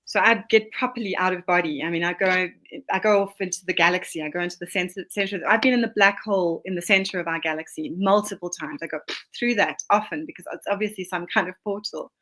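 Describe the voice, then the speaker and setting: Excited South African woman guest. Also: lowish voice, fast talker. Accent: South African, Johannesburg. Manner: excited, rambling, with frequent restarts. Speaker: guest, oracle deck author. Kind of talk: casual podcast interview.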